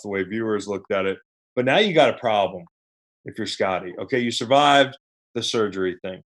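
A man's voice: on the low side, fairly bright tone. A man hosting a sports podcast, talking casually in a rambling, conversational way with wry asides. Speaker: podcast host.

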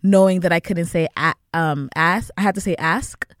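A woman's voice: lowish voice, fairly quick, dry recording, studio quality. A woman from the Bronx, a radio producer, chatting casually with trained enunciation and many fillers. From the Bronx, New York. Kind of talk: casual chat.

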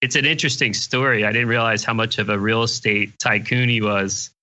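A man's voice: fairly low pitch, fairly even intonation, brisk, bright, forceful tone. An older man, a guest investor on a podcast, answering questions in an easygoing, plain-spoken way. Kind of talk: casual interview chat.

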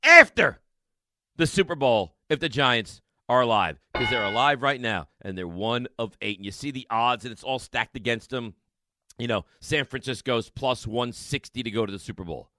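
A man hosting a sports radio show, talking in an emphatic, excitable monologue full of rhetorical questions and repeated lines. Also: mid-range voice, normal speed, no room sound, studio quality.

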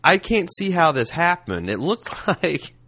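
A man co-hosting a casual chat, talking in an animated, incredulous way with lots of restarts. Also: a little high, unhurried. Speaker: podcast co-host.

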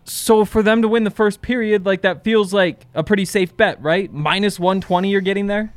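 A man's voice: high voice, steady tone, normal speed, no echo. A man co-hosting a sports betting show, bantering in a joking, self-deprecating way. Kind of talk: casual sports chat.

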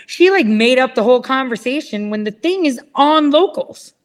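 A woman ranting in casual chat, rambling and swearing, switching to a higher voice when she mimics other people. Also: lively intonation, brisk, hardly any pauses.

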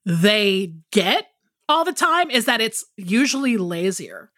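A woman's voice: mid-range voice, slow. A woman co-hosting a podcast, chatting casually, rambling with lots of fillers and the odd swear word. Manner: rambling, animated, swears freely, many fillers. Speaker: podcast co-host. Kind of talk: casual chat.

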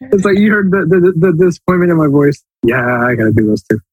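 A man with a husky, slightly rough voice, co-hosting a sports podcast. He rambles, circles back over his own phrases and lets sentences trail off. The recording is dry and close. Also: high voice, expressive, fast talker, darkish tone, no room sound, poor audio. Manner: rambling, repeats himself, trails off mid-thought. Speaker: podcast co-host. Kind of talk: casual sports podcast chat.

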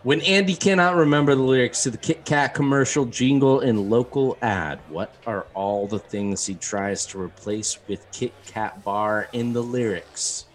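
A man's voice: medium pitch, moderate pace, hardly any pauses. A man hosting a casual podcast chat, reading trivia questions aloud to his co-hosts and chuckling often. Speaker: podcast quiz host.

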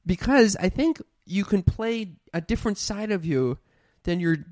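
This is a podcast co-host spinning a story in casual conversation. The pitch jumps around a lot, the speech is full of restarts and filler, and the sound is close and dry. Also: normal speed, dry recording. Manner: animated, restarts, lots of "like".

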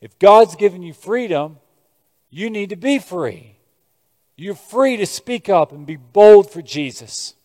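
An American man preaching a sermon as a pastor, moving between quiet scripture reading and loud, emphatic exhortation. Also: sits high, animated, slow. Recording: long reverb of a large hall.

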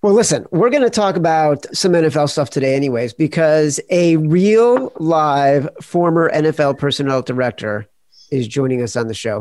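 A man hosting a podcast, excitable and jokey, with his voice leaping up on big moments. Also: a little high, no echo, studio quality. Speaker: podcast host. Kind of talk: podcast hosting and casual banter.

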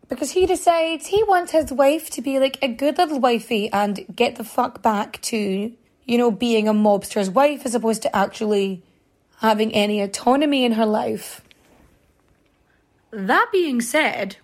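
A high-voiced woman hosts a podcast and tells history as a casual story. She swears freely and jokes with sarcasm. She talks at an unhurried pace and fills her speech with chatty asides. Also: expressive, darkish tone. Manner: chatty with many filler words. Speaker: podcast host.

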